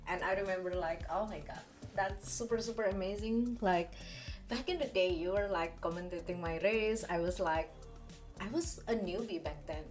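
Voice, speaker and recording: A woman's voice: mid-range voice, moderate pace, soft background music. A woman hosting a podcast, talking in a bubbly, casual way full of fillers. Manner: bubbly, filler-heavy chat with many "like"s. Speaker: podcast host.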